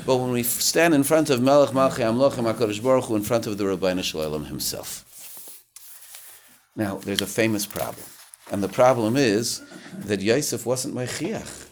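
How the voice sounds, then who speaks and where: A man's voice: medium pitch, slight background noise. A man giving a conversational Torah lecture, sometimes searching for words and rising sharply when he acts out quotes. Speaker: rabbi teaching Torah.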